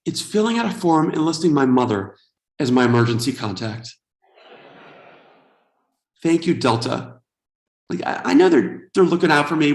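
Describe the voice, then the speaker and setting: A man's voice: on the high side, roomy sound. A man in his forties from the United States, doing a wry, self-deprecating stand-up comedy set. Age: 40s.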